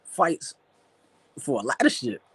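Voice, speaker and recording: A man's voice: medium pitch, big pitch swings, takes it slowly, a bit bright, slightly rough, no room sound. A man, a professional boxer, talking candidly and with blunt profanity as an interview guest, emotional when he speaks about his late father. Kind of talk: casual interview talk.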